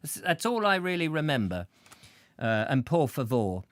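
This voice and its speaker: Reading comments aloud on his chatty live stream, the male host banters playfully and keeps tripping over names. His voice is fairly high with big pitch swings, at a normal speed and with no echo.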